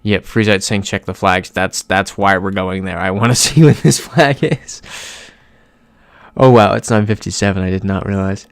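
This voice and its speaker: A man's voice: sits low, fairly even intonation, normal speed, clean tone, no room sound. A young American man chatting casually on a live stream, reading out chat messages as he plays. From United States.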